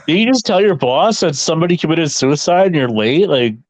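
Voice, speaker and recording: A man's voice: fairly high pitch, expressive, a little fast, no echo. Laid-back laughing man, dry close sound. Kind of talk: casual chat.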